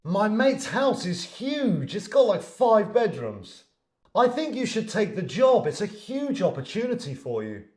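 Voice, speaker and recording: A man's voice: high voice, big pitch swings, unhurried, a little mellow. A man giving a lesson, explaining words and acting out example sentences. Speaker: English teacher. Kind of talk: online language lesson. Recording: echoey room.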